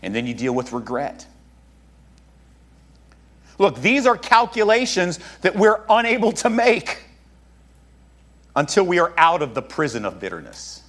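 Lively, animated man preaching a sermon. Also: high-pitched, a little slow, pauses often. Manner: conversational, joking asides to the congregation. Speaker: pastor.

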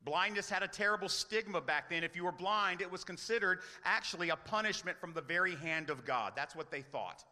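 Male pastor, earnest sermon, high voice, bright tone, reverberant hall. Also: animated, a little fast, few pauses. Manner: earnest preaching with rhetorical questions.

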